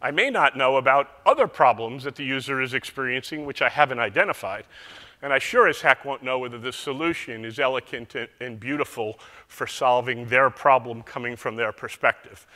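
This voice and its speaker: Man, conference keynote, relaxed joking delivery, bright tone, echoing large hall. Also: medium pitch, brisk. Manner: joking, conversational. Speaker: keynote speaker. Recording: reverberant hall sound.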